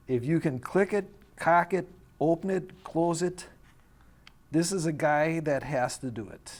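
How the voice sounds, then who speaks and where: A man's voice: a little high, a little slow, background noise. A man co-hosting who laughs and stumbles over his lines in joking outtakes banter. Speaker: co-host.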